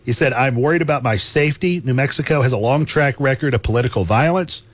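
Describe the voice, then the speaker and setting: A man's voice: mid-range voice, fast talker, no echo. A man hosting a talk radio show, chatting casually, laughing easily and repeating himself.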